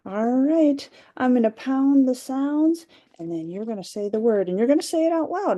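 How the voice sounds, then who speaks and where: Woman teacher, unhurried phonics drill for young children; dark, slightly gravelly tone. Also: mid-range voice. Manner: sounds out words slowly, clear and instructive. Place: home or classroom, recording for remote students. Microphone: computer mic during screen share.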